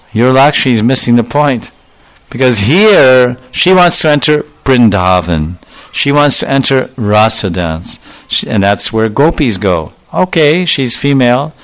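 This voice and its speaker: A man's voice: medium pitch, a bit bright. A man teaching a devotional lecture, retelling scriptural dialogues and quoting verses in his storytelling. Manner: storytelling, acting out dialogue with quoted Sanskrit-Bengali terms. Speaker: spiritual teacher.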